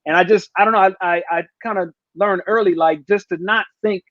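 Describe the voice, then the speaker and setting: A man's voice: sits high, fairly even intonation, fairly quick, no echo, dull audio. A man telling stories casually on a live talk stream, slangy and laid-back, acting out the people he quotes. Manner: laid-back slangy storytelling, acts out voices. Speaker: comedian guest. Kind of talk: casual storytelling chat.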